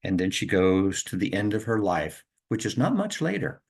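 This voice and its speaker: A man who works as a hypnotherapist, calmly and reflectively telling the story of a client's session. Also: on the low side, moderate pace, creaky, slightly rough. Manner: calm and reflective, with soft laughs and light restarts.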